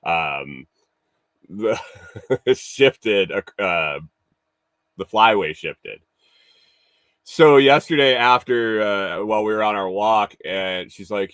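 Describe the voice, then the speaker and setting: Male livestream host, lowish voice, loose and profane, laughs a lot, dry close-mic sound. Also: animated, slow, pauses often, a bit bright, clean tone, dry recording. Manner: profane, laughs often, rambling with restarts. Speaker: livestream morning show host. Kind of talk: casual chat reading viewer comments.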